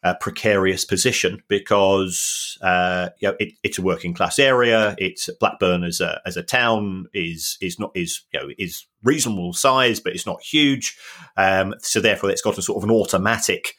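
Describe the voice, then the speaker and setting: A man's voice: low-pitched, moderate pace, fairly bright tone. A man with a South East London accent explaining football finance, hesitant and full of restarts. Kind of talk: casual chat.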